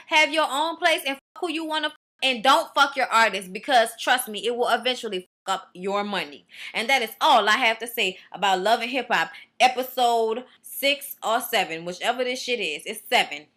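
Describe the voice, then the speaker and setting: A woman reviewing a reality show episode, speaking in a blunt, profane, opinionated way. Her voice sits high and sounds bright. She keeps it casual, like a vlog chat with her viewers. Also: moderate pace, hardly any pauses.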